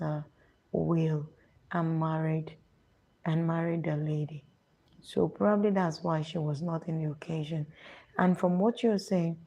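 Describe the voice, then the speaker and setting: In a low voice, a woman with a Nigerian accent answers viewer questions in a casual advice chat. She often drops to a hushed, confiding half-whisper.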